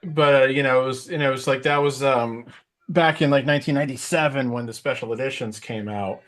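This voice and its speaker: A man's voice: medium pitch, fairly quick, a bit bright. A middle-aged man co-hosting a casual chat, rambling with lots of fillers while he tells a story. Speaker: podcast co-host.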